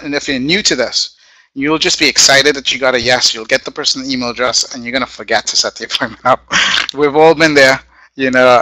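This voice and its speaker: A man with a bright, forceful voice coaches a room of trainees, acting out phone calls in a direct, conversational way. The sound is close and dry, with no room echo. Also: mid-range voice. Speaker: network marketing trainer. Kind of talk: training talk to a live group.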